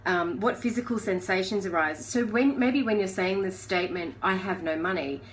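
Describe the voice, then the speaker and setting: A woman's voice: medium pitch, moderate pace, a little hiss or hum, poor audio. A woman giving a casual live coaching talk in a chatty, conversational way, asking the listener questions. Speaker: life coach.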